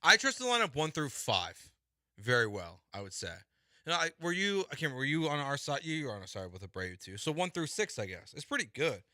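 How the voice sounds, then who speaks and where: Bright conversational sports radio man. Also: on the high side, very animated, fairly quick, no echo, studio quality. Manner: conversational, musing, trailing off. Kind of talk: casual sports radio banter.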